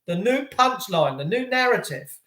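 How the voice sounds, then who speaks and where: A man hosting a live stream from home, talking to viewers in an excitable, effusive, rambling way. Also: high-pitched, normal speed, roomy sound. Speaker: channel host. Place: indoors at home.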